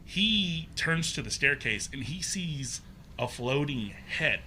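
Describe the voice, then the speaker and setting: A man guest on a podcast, telling a personal story in a casual, animated way, acting out the voices he quotes and using plenty of fillers. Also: on the high side, takes it slowly, slight background noise. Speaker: podcast guest, haunted maze builder.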